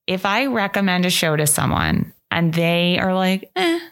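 A woman's voice: on the low side, moderate pace, fairly bright tone. A woman hosting a podcast, chatting casually with her best friend in a playful way and laughing often. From New York City. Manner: playful, laughs often, jumps between ideas. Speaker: podcast host. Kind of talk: casual chat between friends.

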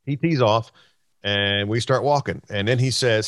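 A man's voice: lowish voice, measured pace, a bit bright, no room sound, clean studio sound. A middle-aged man hosting a golf chat show, telling a long story with quoted voices and plenty of fillers. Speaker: host.

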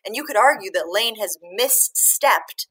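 A woman's voice: mid-range voice, animated, unhurried, fairly bright tone, husky, poor audio. A woman in her thirties with a Midwestern American accent, a sports reporter talking frankly in an interview with lots of fillers. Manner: chatty, frank, laughs easily, many fillers. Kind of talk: candid interview answers.

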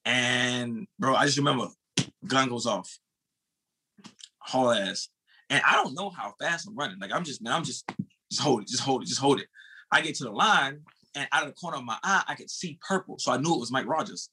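A man in his thirties from the United States, a former sprinter telling a race story in animated, casual talk, swearing and calling the host bro. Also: medium pitch, fairly quick, breathy edge.

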